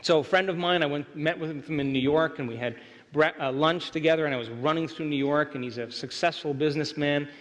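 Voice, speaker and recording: A man's voice: a little high, brisk. A middle-aged man lecturing a live audience, emphatic and often asking them to agree. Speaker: workshop speaker. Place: large hall with audience. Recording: hall reverb, live venue.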